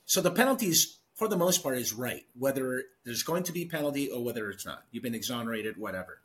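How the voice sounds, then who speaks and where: A man's voice: mid-range voice, animated, fairly quick, fairly bright tone. A middle-aged man speaks in an ordinary mid-range voice, leaning on key words as he walks through a process. He is a retired police sergeant talking casually as an interview guest. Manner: emphatic explaining, stresses key words.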